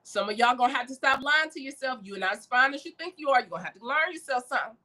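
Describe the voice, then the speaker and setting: A woman giving a preacherly motivational talk, calling listeners baby and swinging from shouts to hushed lines. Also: high-pitched, lively intonation, quick pace. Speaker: motivational speaker.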